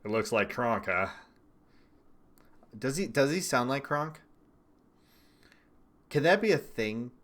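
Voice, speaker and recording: A man's voice: medium pitch, animated, slow, long pauses, a bit bright. A young man doing casual livestream political commentary: sarcastic, profane, and laughing often.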